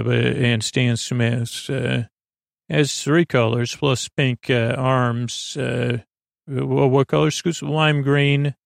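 A man hosting a sleep podcast, recapping a TV episode in a halting, meandering way with many filler sounds and self-corrections. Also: mid-range voice, gravelly, dry recording, clean studio sound.

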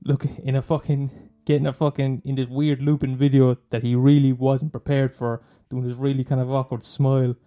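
A man's voice: mid-range voice, level tone, brisk, few pauses, mellow. A young man doing a profane, mocking comic rant, rambling and swearing constantly. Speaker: comedian.

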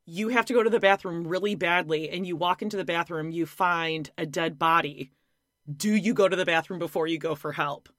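A woman's voice: lowish voice, brisk, a bit bright, no room sound, clean studio sound. A woman podcast co-host reacting with short interjections and follow-up questions in casual chat.

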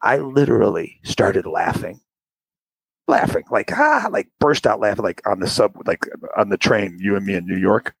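A young man telling a long casual story over a call, acting out the quotes with sudden high voices. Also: normal speed, gravelly, slightly rough, no room sound, rough recording. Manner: animated, acts out quotes with big jumps in pitch. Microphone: remote call audio.

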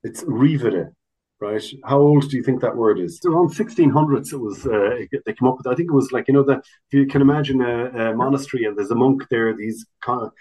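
A man's voice: mid-range voice, brisk, warm tone, low-quality recording. Chatty man explaining with restarts. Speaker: guest, Irish language officer. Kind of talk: casual interview chat.

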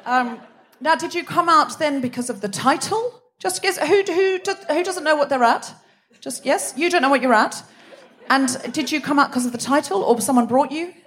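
A woman's voice: sits high, lively intonation, moderate pace, a bit bright. A woman raised in Australia hosting a live comedy podcast on a theatre stage, teasing and bantering with the crowd. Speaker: host. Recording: live theatre recording with audience noise.

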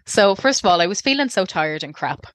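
Low-voiced Irish woman telling her story. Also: very animated, brisk, fairly bright tone, dry recording. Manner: rambling, self-interrupting, candid. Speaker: guest. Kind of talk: personal storytelling interview.

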